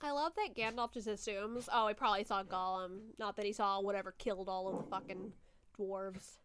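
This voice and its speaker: A woman's voice: medium pitch, steady tone, fairly quick, slight background noise. A woman streamer chatting casually through a movie watchalong, laughing often and swearing offhandedly.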